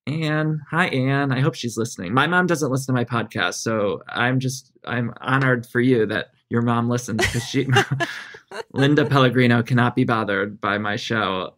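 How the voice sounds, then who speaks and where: A man talking as a podcast guest in a casual chat, a chatty storyteller who pokes fun at himself. He speaks at an ordinary middle pitch. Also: normal speed, a bit bright. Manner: chatty, self-deprecating storyteller.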